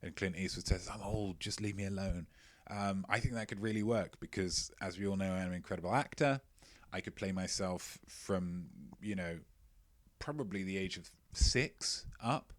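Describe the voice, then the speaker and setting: A man's voice: deep voice, moderate pace, no room sound. A man hosting a live-streamed quiz, joking playfully and mocking himself as he rambles, often stumbling and repeating his phrases. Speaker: quiz host.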